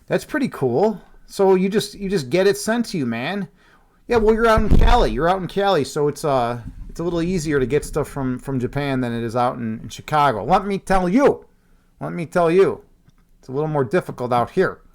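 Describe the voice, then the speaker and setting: A man's voice: on the high side, lively intonation, fairly quick. A man hosting a casual Halloween stream, rambling and joking with his chat and laughing at himself, on a desk microphone at home. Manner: rambling, jokey, self-mocking, laughs often.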